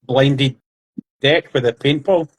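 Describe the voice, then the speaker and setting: A man of medium pitch co-hosts a relaxed podcast. He jokes and ribs the others in easygoing banter. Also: takes it slowly. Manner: joking, teasing banter. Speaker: podcast co-host. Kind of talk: casual chat.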